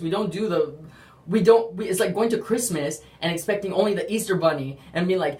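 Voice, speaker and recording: A speaker with a medium-pitched voice, talking a little fast, tells a casual faith testimony full of "like," rambling and animatedly acting out quotes. There's a little hiss or hum, and the recording sounds roomy and distant from the mic.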